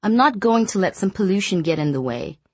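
A woman reading the part of a wry, curious young wife in an audiobook, with animated, teasing delivery. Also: mid-range voice, brisk, husky, no room sound, pitched above the performer's own voice. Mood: chatty.

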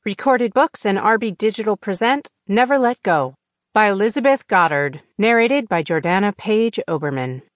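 A woman narrating an audiobook in a measured, tense suspense reading on a close studio mic. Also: mid-range voice, animated, dry recording. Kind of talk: scripted narration.

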